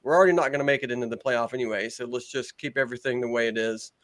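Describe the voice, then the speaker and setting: A man's voice: medium pitch, racing, a bit bright, no room sound. A man on a sports panel, talking in a laid-back, easygoing way. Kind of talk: casual panel banter.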